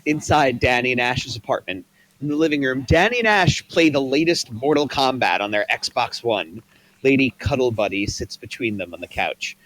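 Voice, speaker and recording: A man reads scene directions aloud for a table read. His delivery is plain and even, setting each scene. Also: mid-range voice, normal speed. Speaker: narrator reading stage directions.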